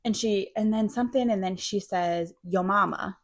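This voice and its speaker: With a mellow, mid-range voice at a moderate pace, a woman co-hosting a podcast spins out a long, meandering personal story, casual and full of filler.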